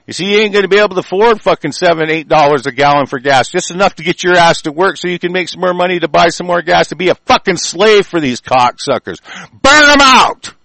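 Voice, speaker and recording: A man giving angry, profane ranting commentary in reaction to the news, with shouted bursts and many halting fillers. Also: on the high side, gravelly, no echo, rough recording.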